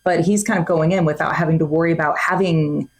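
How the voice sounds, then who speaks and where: A woman's voice: low-pitched, fairly even intonation, fast talker. A woman hosting a podcast as a real estate agent, playful and confident, teasing her co-host in casual chat.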